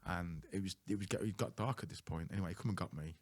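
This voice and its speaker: A man's voice: sits low, fast, a little mellow. A man hosting a podcast, telling a story in a chatty way, laughing and swearing casually. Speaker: podcast host.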